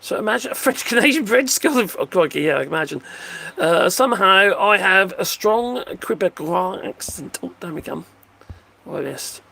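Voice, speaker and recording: Casting: older livestream host, bright gravelly voice, high and very animated, jokey and rambling. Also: male voice, moderate pace. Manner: rambling, jokey, laughs often, answers viewer comments. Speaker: livestream host reading chat. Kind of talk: casual livestream chat. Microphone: phone.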